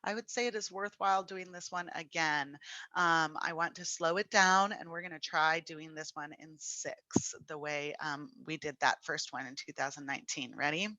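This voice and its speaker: A woman's voice: deep voice, steady tone, normal speed, sharp tone, no echo. A woman giving an online music lesson, chatty and encouraging, counting beats and singing rhythms on "da". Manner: counts aloud and sings rhythms on "da"; chatty, encouraging, thinks aloud. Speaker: music teacher.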